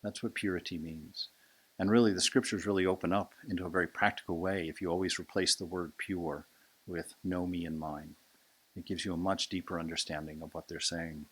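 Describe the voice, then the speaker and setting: A man in his sixties giving a conversational Sunday sermon as a swami, asking "right?" often and moving from hushed to emphatic. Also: sits low, moderate pace, husky. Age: 60s. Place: monastery lecture hall.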